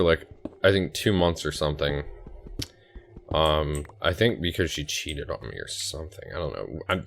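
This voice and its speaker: A man in his twenties chatting casually through a rambling personal story while playing a game, full of fillers. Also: deep voice. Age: 20s. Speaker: gaming YouTuber.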